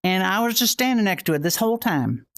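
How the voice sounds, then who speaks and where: A woman's voice: medium pitch, animated, fast talker, no room sound, clean studio sound, close to an everyday voice. A woman streamer voicing a cheery, homespun Southern ranch hand with a put-on Southern drawl and folksy exclamations. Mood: folksy cheer.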